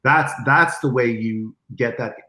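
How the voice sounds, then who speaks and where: A man telling stories as an interview guest, animated and acting out the lines he quotes in lively chat. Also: medium pitch, measured pace, reverberant, poor audio. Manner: animated, acts out quoted dialogue. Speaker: guest, event marketing executive. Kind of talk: casual storytelling in an interview.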